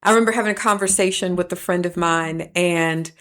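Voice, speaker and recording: A woman who is a professor, hosting a reflective podcast monologue and telling stories, with lively turns when she voices the people she quotes. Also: fairly low pitch, fairly quick. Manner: storytelling, animating quoted voices.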